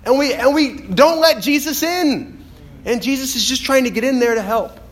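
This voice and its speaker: A man preaching a sermon in an animated, conversational way, often acting out quotes and restarting his phrases. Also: very high-pitched, normal speed.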